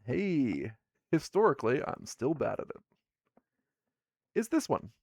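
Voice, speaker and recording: Sleepy, gravelly man streaming a board game. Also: medium pitch, big pitch swings, unhurried, darkish tone, no room sound, studio quality. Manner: rambling, self-deprecating, reads game text aloud. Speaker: streamer running a solo tabletop game. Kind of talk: casual live-stream narration.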